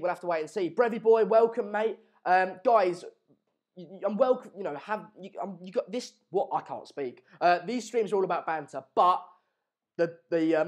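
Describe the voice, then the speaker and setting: A young man from England runs a football watchalong stream and chats loosely with his viewers. His voice sits a touch high, and his talk wanders with restarts and jokes. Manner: jokey banter, rambling with fillers and restarts. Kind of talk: live stream chat reading comments. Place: home room in Madrid.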